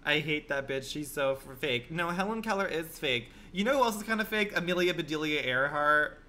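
A man's voice: fairly high pitch, animated, fairly quick, sharp tone. Sassy campy man streaming a game. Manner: rambling rhetorical questions. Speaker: gaming livestreamer. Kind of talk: casual stream chat.

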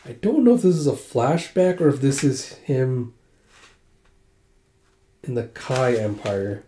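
A man's voice: medium pitch, sing-song, slow, mellow, a little hiss or hum. A man casually retelling a comic as he reads it, rambling and filling gaps with "like". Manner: rambling, full of "like". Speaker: host reading a comic aloud. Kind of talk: casual readthrough narration. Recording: roomy echo.

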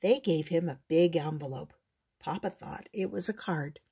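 An older woman gently reading a children's storybook aloud in a measured, unhurried way. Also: low-pitched, vocal fry, husky.

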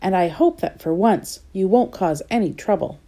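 A woman's voice: medium pitch, lively intonation, normal speed, mellow, natural voice. A woman voicing a bossy, impatient woman who gives orders, in a children's storybook. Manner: commanding and impatient.

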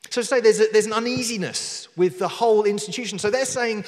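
A man's voice: high-pitched, quick pace, few pauses. A man preaching a sermon in a conversational way, with jokey asides, reading scripture aloud with emphasis. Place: church hall. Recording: long hall reverb.

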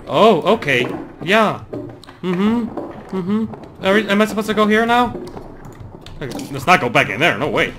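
This young YouTuber has a high, very animated voice at normal speed with long pauses as he plays through a horror let's play. Jumpy and nervous, he mutters to himself, searches around, and reads notes aloud amid game music and background noise.

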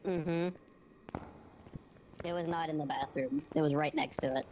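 A woman with a low voice talks with friends over a game in a dry, matter-of-fact way. A faint hiss sits under her voice. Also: big pitch swings, unhurried, creaky, a little mellow. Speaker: gamer. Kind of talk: casual chat while gaming.

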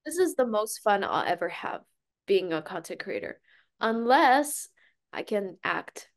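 A woman's voice: medium pitch, very animated, unhurried. Breezy young woman with American accent. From Beijing, China. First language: Mandarin Chinese. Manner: breezy, laughing, offhand. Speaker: content creator, guest. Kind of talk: casual interview.

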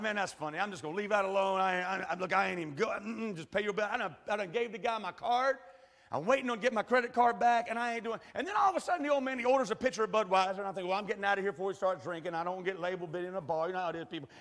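A high-voiced man preaching in a church with long reverb. His tone is bright and forceful. He tells a folksy story that moves from quiet asides to shouted passages. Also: rapid-fire. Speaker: pastor. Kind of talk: sermon storytelling. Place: large church hall. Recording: echoey church hall.

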